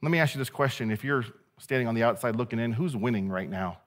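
A man preaching a sermon as pastor, animated and conversational, with playful asides to his listeners. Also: mid-range voice, fast talker.

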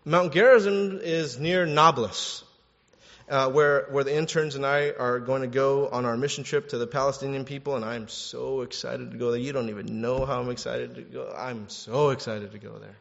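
A man preaching a sermon in a lively, conversational way, acting out quotes and repeating words as he goes. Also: medium pitch, normal speed, creaky. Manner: animated, conversational, acts out quotes, restarts words. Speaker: pastor. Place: church hall. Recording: echoey hall, dull sound.

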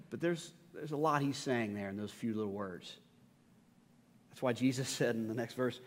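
A man's voice: unhurried, pauses often, big-room sound. A man preaching a sermon, acting out the Bible voices in dramatic bursts and often repeating himself. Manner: dramatic, acts out the Bible voices with rising pitch and force; repeats words and restarts often. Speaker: pastor.

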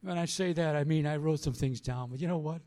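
A man's voice: fairly high pitch, brisk, mellow. A man pastor giving an earnest sermon, repeating phrases for emphasis as he tells a story and then exhorts the congregation.

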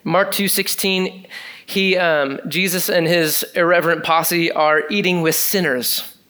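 A man with a slightly high, clear, resonant voice takes his time delivering a sermon. Animated and conversational, he reads scripture and talks to the congregation with many casual fillers.

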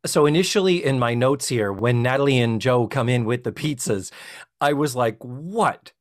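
A man's voice: mid-range voice, normal speed. A man in his fifties from Massachusetts, co-hosting a podcast in a casual, joking chat and working from his notes. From South Shore of Massachusetts. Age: 50s. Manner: chatty, joking, reading from notes. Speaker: podcast co-host.

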